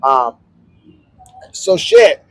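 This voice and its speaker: A man casually telling a story on a podcast, animated and acting out the people he quotes, swearing freely, recorded on an outdoor city balcony. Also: drawn-out words, no room sound. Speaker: podcast co-host.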